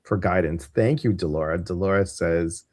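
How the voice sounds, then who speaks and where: A man's voice: deep voice, moderate pace, darkish tone, no room sound, studio quality. A man with a Midwestern American accent hosting a casual livestream, chatty and rambling with lots of fillers. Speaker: host.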